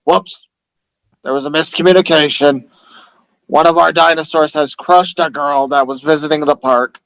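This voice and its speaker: Man, podcast co-host, crude joke-teller, gravelly, pitched a bit high. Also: fairly even intonation, normal speed, a bit bright, rough recording. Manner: reads joke tweets, swears freely. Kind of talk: crude comedic podcast banter.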